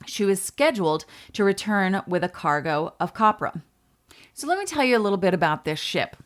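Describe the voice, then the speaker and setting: A woman's voice: mid-range voice, normal speed. Woman telling a history story. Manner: lively narration with asides and laughs. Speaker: podcast co-host.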